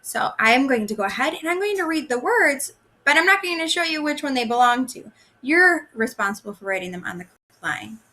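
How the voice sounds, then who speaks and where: A woman teaching a recorded first grade phonics lesson, slowly sounding out words for young children. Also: high-pitched, lively intonation, sharp tone.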